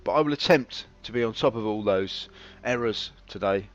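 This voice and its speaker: A man's voice: lowish voice, moderate pace, background noise. Wry man streaming a game. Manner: wry, self-mocking, chatty. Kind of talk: casual live-stream commentary. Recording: slightly dull stream audio with faint game music.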